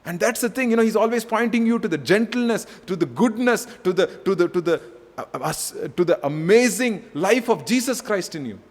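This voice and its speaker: A man from India preaching a sermon as pastor, earnest and repetitive, swinging between soft and emphatic delivery. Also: high voice, lively intonation, a little fast, long reverb tail.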